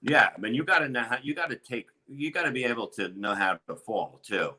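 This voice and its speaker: A middle-aged man, a comedian, telling crude stories in a rambling, animated way with lots of restarts. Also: mid-range voice, fairly quick, slight background noise, poor audio. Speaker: comedian guest. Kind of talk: casual storytelling chat.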